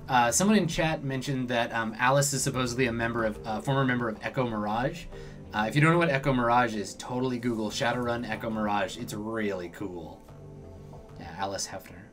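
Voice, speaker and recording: A man's voice: mid-range voice, fairly quick, a bit bright. A man streams a game live, reading its text aloud and adding casual, chatty remarks. His voice sits in the middle range, with faint music playing underneath. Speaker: let's play host.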